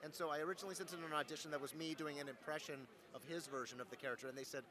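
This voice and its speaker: There's a crowd in the background as this young voice actor guest tells stories in a casual interview. His voice is a little high and racing, with hardly any pauses, and his manner is playful, joking and animated.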